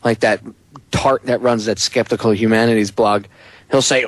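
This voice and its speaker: A man's voice: mid-range voice, animated, measured pace, no echo, low-quality recording. A man hosting a talk radio show, ranting in an emphatic, sarcastic and profane way. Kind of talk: casual talk radio chat.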